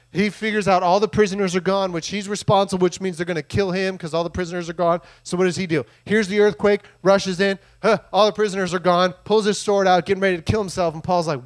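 In a church room, a man with a slightly high voice for a man preaches a loose, jokey sermon as the pastor. He acts out the quoted voices with quick impressions, and his animated, conversational delivery is packed with asides.

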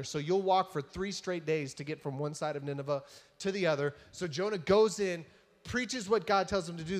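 High-voiced man preaching casually. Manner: casual, joking retelling with frequent "right?" tags. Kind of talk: sermon.

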